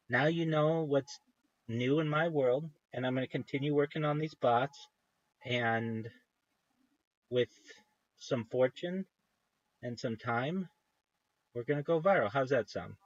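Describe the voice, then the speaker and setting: A man chatting on his livestream, wandering from thought to thought and breaking off mid-sentence with eager enthusiasm. His voice sits at an ordinary middle pitch, close and dry with no room sound. The stream audio is a little dull and lo-fi. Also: unhurried, pauses often, no echo. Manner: meandering, self-interrupting, enthusiastic. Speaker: livestream host. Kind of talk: casual rambling livestream chat.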